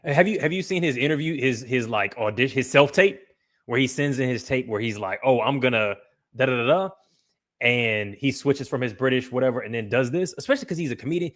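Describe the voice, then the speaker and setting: A man's voice: medium pitch, quick pace, fairly bright tone. A man hosting a livestream podcast, talking casually in a loose, profane, rambling way with frequent restarts. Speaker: podcast host.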